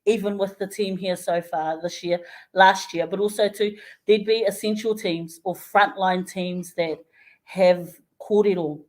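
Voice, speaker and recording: A woman with a New Zealand English accent, a guest in a casual radio interview, telling a story lively and acting out the people she quotes. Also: medium pitch, a little slow. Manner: lively storyteller who acts out quoted voices, often laughing. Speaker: interview guest, community health worker.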